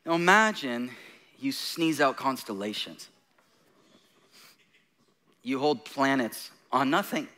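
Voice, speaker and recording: A man's voice: mid-range voice, lively intonation, takes it slowly, long pauses, sharp tone. A man preaching a sermon, mixing laughing, self-deprecating jokes with intense points. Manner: laughing often while talking. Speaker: guest preacher.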